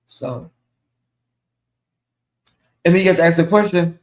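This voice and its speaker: A man hosting his own livestream, chatting casually and reacting out loud to messages from viewers. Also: high-pitched, unhurried, pauses often, reverberant, rough recording. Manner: chatty, animated, reacts aloud to comments. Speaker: channel host.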